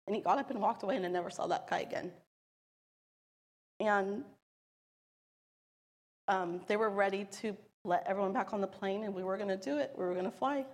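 A woman's voice: mid-range voice, a little fast, pauses often, in a large hall. An emotional woman telling a true story. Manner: animated, acts out the people she quotes; emotional, earnest. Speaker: storyteller sharing a personal testimony. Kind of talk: personal storytelling.

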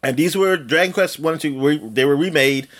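A man's voice: on the high side, a little fast, a bit bright. A man in his late thirties co-hosting a podcast, rambling through casual chat with lots of fillers and laughing often. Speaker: podcast co-host.

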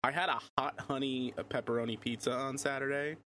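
A man trades absurd, profane jokes in a relaxed podcast chat, speaking at an ordinary pitch. A faint background hum runs under his voice. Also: a little fast. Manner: jokey, absurd humor, swears. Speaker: podcast co-host. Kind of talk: casual chat.

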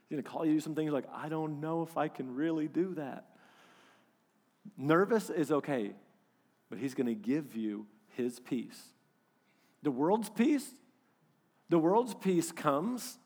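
A man preaching a sermon as pastor, animated, swinging between loud emphasis and hushed moments. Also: a little high, big-room sound.

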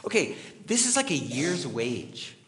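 With big pitch swings in a fairly high, slightly bright voice, a middle-aged pastor preaches unhurriedly over slight background noise. He keeps the sermon conversational, sharing personal stories and questioning his listeners.

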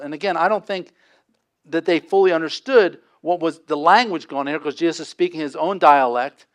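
Impassioned man preaching a sermon. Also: fairly high pitch. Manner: impassioned preaching with dramatic pauses. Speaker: pastor.

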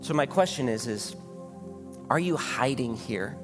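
A man's voice: medium pitch, animated, a little slow, long pauses, over music. Earnest male pastor preaching in a hall. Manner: earnest, conversational preaching with rhetorical questions. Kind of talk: sermon. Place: church sanctuary.

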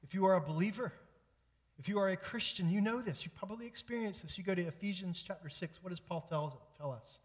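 A man's voice: high voice, quick pace. A man pastor preaching an earnest, emphatic sermon with repetitive build-ups. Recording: long church reverb.

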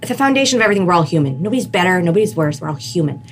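A woman's voice: fairly low pitch, racing, noisy background. A woman guest in a casual conversation, telling a personal story with lots of "like" fillers. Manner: animated, heavy use of "like" fillers.

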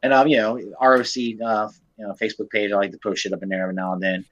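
A man with a fairly low voice chats in a relaxed, rambling way, full of fillers and casual swearing. He comes across as a show regular talking to friends. The sound is dry and close, with no room echo. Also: racing, muffled recording. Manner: loose, profane, rambling with fillers. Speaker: podcast regular. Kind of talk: casual chat.

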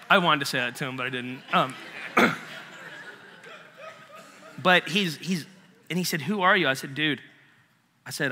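A man's voice: medium pitch, normal speed, pauses often, pushed and bright, big-room sound. A man giving a casual, story-driven sermon, acting out conversations as he retells them. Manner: storytelling, acts out both sides of a dialogue. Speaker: preacher.

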